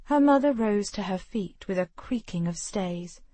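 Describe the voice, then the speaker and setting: A woman reading an audiobook, narrating a period mystery scene in an even voice. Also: mid-range voice, a little slow, no room sound. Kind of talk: scripted narration.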